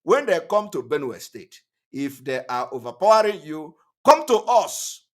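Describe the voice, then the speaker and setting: A man hosting an online channel, delivering emphatic, repetitive political commentary that rises to loud outbursts. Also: fairly high pitch, sing-song, unhurried. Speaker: online TV host.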